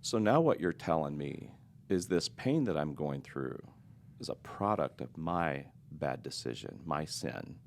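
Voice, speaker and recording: Very deep, gravelly middle-aged man. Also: big pitch swings, unhurried, a little hiss or hum. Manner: earnest, confessional, reflective. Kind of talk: candid personal storytelling in a podcast interview.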